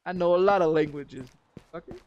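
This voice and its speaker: Man from texas, high voice, profane angry rant, faint background noise. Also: a little mellow, dull audio. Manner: profane, angry storytelling with heavy cursing. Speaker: game streamer. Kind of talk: ranting casual talk to stream.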